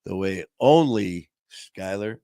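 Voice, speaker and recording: Deep-ish voiced guy host, middle-aged, chatty storyteller, laughs a lot, dry close sound. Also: expressive, slow, warm tone, no echo. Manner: storytelling, laughs often, acts out voices in anecdotes. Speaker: podcast host. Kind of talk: casual chat.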